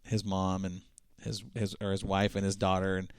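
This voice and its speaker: Low-sitting and smooth, this man's voice moves at a moderate pace in a studio-quality recording with no room sound. On a racing talk show he co-hosts, he spins stories during casual chat, performing the quotes with animation.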